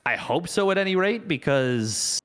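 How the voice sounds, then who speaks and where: A man's voice: a little high, very animated, normal speed, a bit bright. A man casting a live esports match, joking around and thinking aloud as he talks. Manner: playful, jokey, rambling. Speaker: esports caster.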